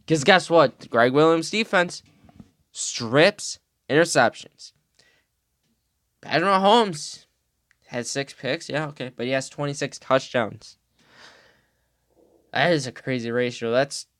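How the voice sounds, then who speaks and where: A man's voice: medium pitch, fairly bright tone, dry recording, studio quality. A man hosting a podcast, ranting casually and heatedly about football, profane and rambling. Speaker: podcast host.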